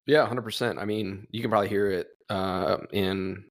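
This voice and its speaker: Young male podcast co-host, lowish voice, animated storyteller. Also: normal speed. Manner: animated storyteller acting out phone calls. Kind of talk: casual podcast chat.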